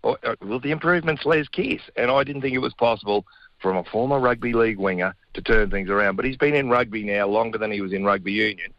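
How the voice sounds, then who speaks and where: A man's voice: fairly low pitch, quick pace, dry recording, dull audio. A middle-aged man with an Australian accent, a regular radio guest talking sport in blokey, laughing banter. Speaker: radio guest, former rugby player. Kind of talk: casual sports chat.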